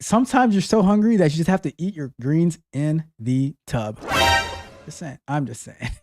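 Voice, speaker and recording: A man's voice: fairly high pitch, animated, moderate pace, dark tone, soft background music. A man hosting a live call-in tech show, chatting casually and jokingly, often repeating his phrases. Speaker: host.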